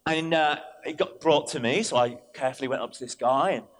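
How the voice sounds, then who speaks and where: A man, a vicar, preaching an animated sermon in church, telling stories and switching in and out of quoted voices. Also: fairly high pitch, fairly quick.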